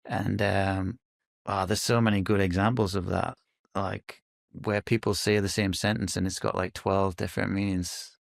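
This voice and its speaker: Gravelly low-voiced man, hesitant. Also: flat delivery, normal speed, no room sound, studio quality. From United Kingdom. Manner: hesitant, thoughtful, many fillers and restarts. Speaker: podcast guest, company founder. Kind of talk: casual interview conversation.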